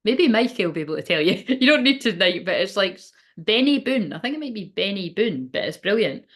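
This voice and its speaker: A woman's voice: medium pitch, sing-song, fairly quick, fairly bright tone. A woman, giving a casual, rambling tarot reading, swearing freely and laughing often. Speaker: tarot reader and medium.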